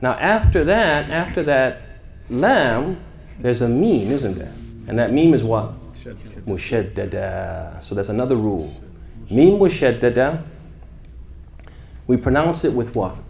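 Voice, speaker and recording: A male teacher leading a class in Quran recitation, energetic and asking questions for the students to answer aloud. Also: mid-range voice, vocal fry, a little hiss or hum. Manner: energetic, quizzing the class with call-and-response; chants short Arabic phrases slowly for students to repeat. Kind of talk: interactive classroom lesson.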